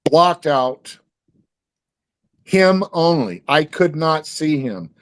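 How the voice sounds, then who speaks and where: A man's voice: a little high, expressive, very slow, no echo. A man telling a story in casual conversation, rambling, with many fillers and restarts. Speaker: guest.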